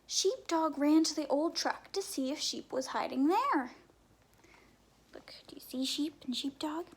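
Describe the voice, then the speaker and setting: Slow gentle woman reading to children. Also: high-pitched. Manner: gentle questions to young listeners, often dropping to a whisper. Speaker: story time reader. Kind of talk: reading a picture book aloud to children.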